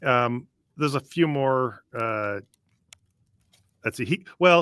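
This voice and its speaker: A man's voice: medium pitch, moderate pace, a bit bright, dry recording. A man hosting a casual podcast, reading passages from a book and picking them apart in a dry, skeptical way. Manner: skeptical, dry, thinks aloud with restarts. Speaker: podcast host.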